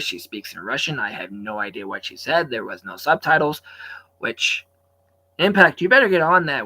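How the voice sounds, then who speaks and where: Chatty male fan reviewer, bright mid-pitched voice, rambling recap with excited bursts. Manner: rambling, chatty, lots of fillers and restarts. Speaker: wrestling show reviewer. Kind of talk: casual recap commentary.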